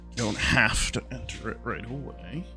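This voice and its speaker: A man's voice: mid-range voice, moderate pace, over music. A man giving casual gameplay commentary, thinking aloud and often muttering questions to himself. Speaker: let's play gamer.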